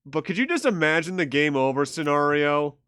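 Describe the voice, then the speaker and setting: A man's voice: a little high, animated, fairly quick, fairly bright tone, smooth, no room sound, studio quality. A man streaming a video game, casually joking and swearing as he plays. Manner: joking, profane, with bursts of laughter. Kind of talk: casual let's-play commentary.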